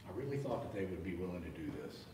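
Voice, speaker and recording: A man's voice: low voice, expressive, quick pace, warm tone. A man hosting a vlog, mocking and goading the police in a sarcastic tone. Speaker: video host confronting police. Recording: echoey, from afar with faint noise.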